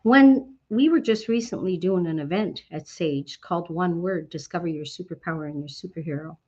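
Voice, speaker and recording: A Canadian woman giving a motivational talk to a business network. She is outgoing and animated, and she often asks questions and then answers them herself. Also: lowish voice, normal speed, dull audio.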